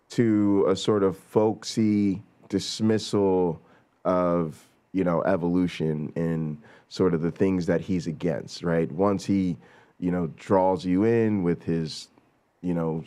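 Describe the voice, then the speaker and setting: A man hosting a casual reaction show, laid-back and quick to laugh, with lots of fillers. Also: low-pitched, clear, resonant tone. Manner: relaxed, laughs a lot, drawn-out fillers. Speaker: host.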